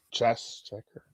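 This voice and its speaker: A man on a livestream chat, telling animated stories and swearing freely, voicing the people he quotes. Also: no echo. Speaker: co-host. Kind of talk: casual chat.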